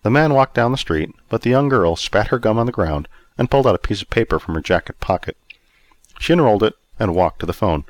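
A man's voice: on the low side, fairly quick, dry recording. A man narrating a story expressively and acting out each character in turn. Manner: expressive, acts out every character.

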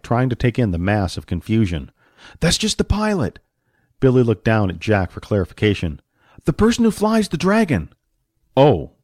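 A man narrating an audiobook story with expressive storytelling and varied pacing. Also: lowish voice, no echo, studio quality.

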